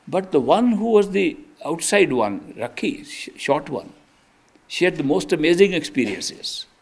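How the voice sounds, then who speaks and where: An older man giving an earnest sermon as a spiritual teacher, telling stories with emphatic restarts. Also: medium pitch. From India. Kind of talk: storytelling sermon.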